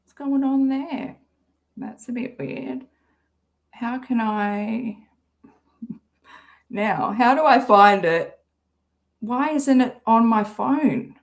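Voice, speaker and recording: An Australian woman hosting a casual livestream, rambling and swearing often, with a slightly hoarse throat. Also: a little high, drawn-out words, long pauses. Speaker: livestream host.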